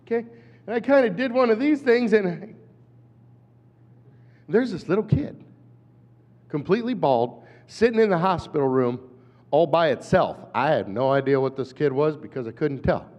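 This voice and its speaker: A man in his fifties, an animated storyteller who acts out voices, giving a talk at a conference. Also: fairly high pitch, moderate pace, long pauses. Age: 50s. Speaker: conference speaker. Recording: dull hall recording with long reverb.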